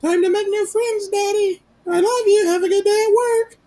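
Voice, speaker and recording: A man's voice: very high voice, steady tone, moderate pace, dark tone, pitched above the performer's own voice. A sunny, self-assured little girl heading off to first grade, put on by a man. She chirps in a voice pushed far up above his own, sweet and breezy.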